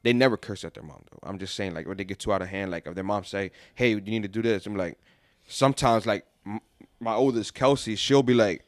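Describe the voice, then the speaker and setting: A man's voice: on the low side, a little fast, no echo, clean studio sound. A young man co-hosting a podcast in casual chat, rambling and repeating himself. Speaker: podcast co-host.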